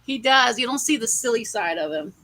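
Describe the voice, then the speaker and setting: A woman talking about a comic panel, laughing a lot between lines. Her voice sits high and swings widely in pitch, with a bright tone. The chat is casual and playful. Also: a little fast, rough recording. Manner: giggly, animated, reads lines in voices. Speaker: co-host reading comics aloud.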